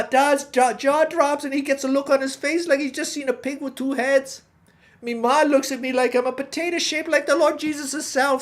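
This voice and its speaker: Here is a rambling, folksy male Irish pig farmer in middle age, spinning a comic tale in a thick stage Irish accent, as a woman acts him out. The voice sits high and light. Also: lightly acted. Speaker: guest host. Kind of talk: comic monologue in character.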